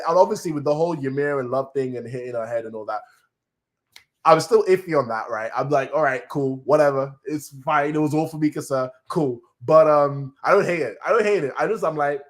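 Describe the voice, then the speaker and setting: A man streams a casual review in a mid-range voice. He rambles, restarts his sentences and leans on slang. When a scene moves him, he jumps into high, excited exclamations. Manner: excitable, swings into high cries and shouts when moved.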